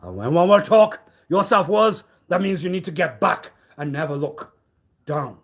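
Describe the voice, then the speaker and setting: A livestream host improvises a mock lecture, preachy and theatrical, lurching from loud scolding pronouncements to hushed, low murmurs. He's animated and keeps a moderate pace.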